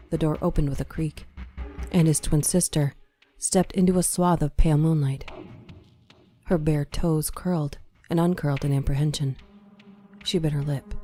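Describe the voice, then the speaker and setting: Low, dark-voiced woman narrating horror. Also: fairly even intonation. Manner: measured, dramatic storytelling. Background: faint music.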